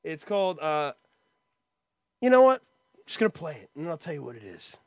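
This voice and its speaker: A man's voice: on the high side, big pitch swings, moderate pace, no room sound, studio quality. A man co-hosting a radio show, chatting casually with rambling jokes and swearing. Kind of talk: casual chat.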